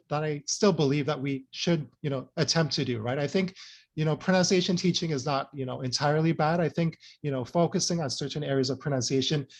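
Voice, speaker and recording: Earnest man presenting, full of "right?". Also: a little high. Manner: earnest, many fillers, frequent "right?" checks. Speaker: speaker presenting a talk. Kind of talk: academic presentation.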